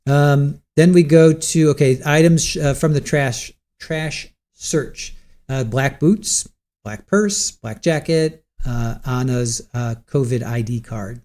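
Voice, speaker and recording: A man's voice: medium pitch, slow pace, a little mellow. A man from Ohio hosting a casual livestream, chatting and reading out viewer comments. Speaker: livestream host. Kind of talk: casual live-stream chat.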